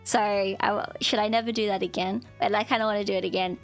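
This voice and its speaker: A woman's voice: on the high side, a little fast, few pauses, a bit bright, soft background music. A woman streamer chatting with her viewers in a bubbly, giggly way, rambling with lots of "like". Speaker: streamer, VTuber. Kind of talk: casual live-stream chat.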